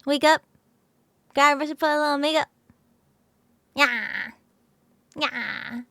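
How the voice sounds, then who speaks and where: A woman's voice: high-pitched, takes it slowly, gravelly, pushed and bright, dry recording, clean studio sound. A woman streamer chatting casually with viewers, sleepy and just woken up, laughing often.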